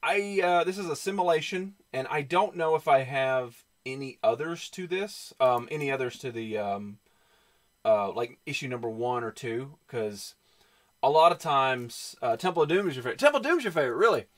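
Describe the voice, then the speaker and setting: A man with a Southern US accent chats loosely on a livestream. He rambles from one thought to the next, leaning on plenty of ums and uhs, and his pitch sits in an ordinary middle register. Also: animated, normal speed. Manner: rambling, filler-heavy, reacts to chat. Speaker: streamer showing his comic collection. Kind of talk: casual livestream chat.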